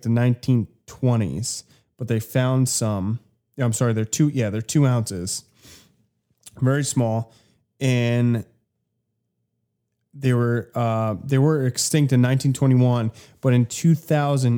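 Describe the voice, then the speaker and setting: A man's voice: mid-range voice, dark tone. A man co-hosting a casual podcast chat, telling facts playfully with many fillers. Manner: playful, confident, hesitant fillers. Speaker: podcast co-host.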